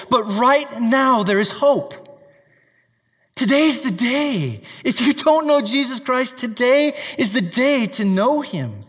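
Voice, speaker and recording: A male pastor preaches with fervor, reading scripture aloud and urging his listeners. His voice sits very high for a man. The recording carries a long, echoing reverb, as in a large hall. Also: a bit bright. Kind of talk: sermon.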